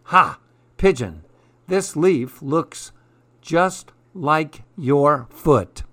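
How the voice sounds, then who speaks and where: Guy voicing a gentle curious little mouse, soft and wondering, higher than his normal voice. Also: lively intonation, extremely slow, no room sound, full character voice.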